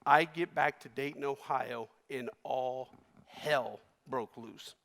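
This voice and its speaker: A man giving a keynote speech, telling a personal story with emotion, his voice swinging between loud and hushed. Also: medium pitch, gravelly. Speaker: keynote speaker. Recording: long reverb of a large hall.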